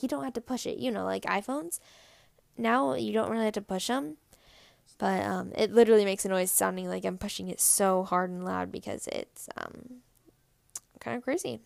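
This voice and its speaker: A woman's voice: fairly high pitch, gravelly, a little mellow, dry recording. A teenage girl co-hosting a podcast, rambling casually with lots of "like" and frequent giggles. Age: teens. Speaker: podcast co-host. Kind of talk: casual solo podcast chat.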